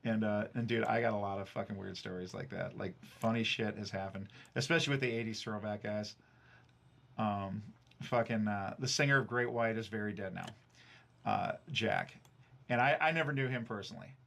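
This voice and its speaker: Bright-voiced man telling profane stories. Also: on the low side, moderate pace, vocal fry. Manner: profane, animated anecdote telling with frequent fillers. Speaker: streamer and band frontman. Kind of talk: casual storytelling chat. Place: recording studio.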